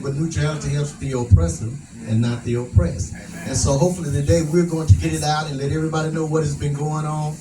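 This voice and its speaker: A man's voice: fairly high pitch, fairly even intonation, quick pace. A man giving a rousing, preacher-like speech at a prayer breakfast, folksy and laughing at his own jokes. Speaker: advocate speaker. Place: event hall. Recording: echoey room from a distance, noisy.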